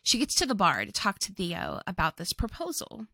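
A woman co-hosting a casual chat who retells a movie plot in an animated way, acting out the characters' lines. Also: mid-range voice, normal speed, no room sound. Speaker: podcast co-host.

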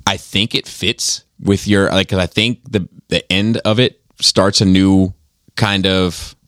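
A man's voice: deep voice, steady tone, takes it slowly, fairly bright tone, no room sound, studio quality. A man co-hosting a casual podcast, rambling with many fillers and restarts. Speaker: podcast co-host.

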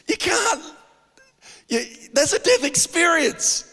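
A man with an Australian accent preaching a sermon as pastor, animated and joking, with frequent restarts. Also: very high-pitched, a little slow, vocal fry, long pauses, long reverb tail.

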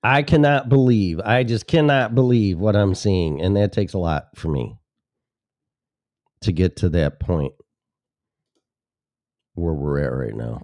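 A man's voice: deep voice, animated, measured pace, pauses often, a little mellow, no room sound. Sarcastic, profane male show host. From Chicago suburbs, Illinois. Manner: sarcastic, profane, self-interrupting. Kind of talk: solo rambling monologue.

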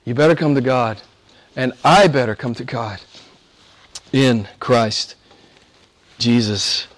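A man preaching a sermon with passion, shifting from loud, ringing declarations to hushed whispers. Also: medium pitch, slow pace. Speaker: pastor.

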